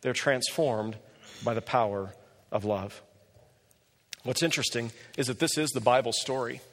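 A man preaching a sermon and telling a story with animated delivery, often rising in pitch when he quotes people. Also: normal speed. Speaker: pastor. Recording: long reverb of a large hall.

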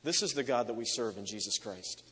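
A male preacher delivers an emotive sermon, piling up repeated phrases as he tells the story. His voice sits at an ordinary middle pitch, and long reverb trails off the walls of a large hall. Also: animated, a little fast, sharp tone, slightly rough.

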